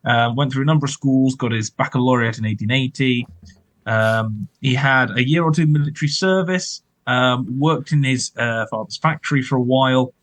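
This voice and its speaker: A man's voice: mid-range voice, moderate pace, fairly bright tone, no echo, poor audio. A man chatting casually about film history as a podcast co-host, rambling with lots of fillers and hedges.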